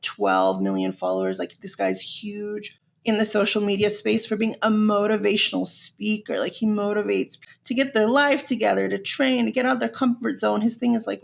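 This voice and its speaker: Chatty young woman with vocal fry. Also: mid-range voice. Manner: chatty, gossipy, swears freely. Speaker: podcast host. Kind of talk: casual podcast monologue.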